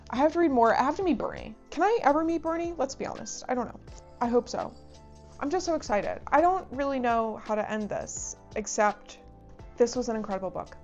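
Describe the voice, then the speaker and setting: A woman's voice: a little high, a little mellow, highs cut off. Bubbly young woman gushing about a book. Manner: bubbly, gushing, rambling with "like" fillers. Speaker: book reviewer and channel host. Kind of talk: casual vlog chat.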